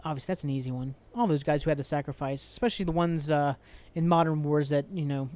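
A man's voice: a little high, fast, darkish tone. A young man hosting a solo podcast, ranting angrily and profanely with frequent sighs and restarts. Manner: angry, profane, rambling rant with sighs. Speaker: podcast host.

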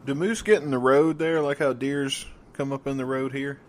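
A man co-hosting a podcast in loose, casual chat, stumbling over his words and laughing easily. His voice sits at an ordinary middle pitch. He is from the American South. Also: steady tone, moderate pace. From United States, the South. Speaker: podcast co-host.

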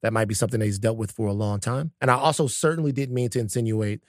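A man's voice: fairly low pitch, fast, dry recording, clean studio sound. A man co-hosting a podcast in casual conversation, talking in a stop-start way with many fillers and restarts. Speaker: podcast co-host.

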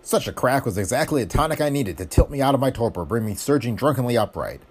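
A man narrating a hardboiled pulp detective story in a wry, brisk first-person delivery full of tough-guy slang. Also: medium pitch, animated, darkish tone, husky. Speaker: audiobook narrator.

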